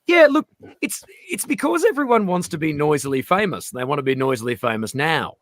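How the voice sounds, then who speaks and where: Australian comic host, bright forceful tone, bouncy swearing delivery, dry close mic. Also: male voice, on the high side, a little fast, dry recording. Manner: animated, swearing, jumps into quoted voices. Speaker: comedian host. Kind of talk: casual comedic chat.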